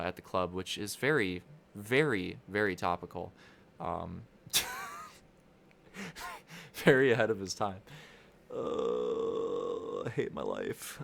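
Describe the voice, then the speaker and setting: A man's voice: low-pitched, fairly bright tone. Rambling, profane young man commentating. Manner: rambling, profane and self-interrupting. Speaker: race commentator. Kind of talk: casual livestream commentary.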